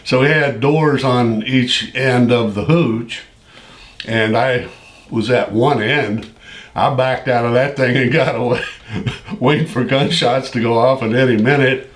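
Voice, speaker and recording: A man in his seventies, a veteran telling an old story in a folksy, unhurried way and chuckling often between phrases. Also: medium pitch, fairly even intonation. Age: 70s. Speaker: Vietnam veteran recounting his service. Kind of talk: casual spoken storytelling.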